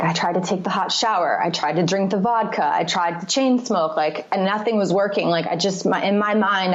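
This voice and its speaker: Candid woman telling her recovery story. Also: medium pitch. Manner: confessional, rambling, frequent "like" fillers. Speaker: podcast guest. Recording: slightly muffled podcast audio.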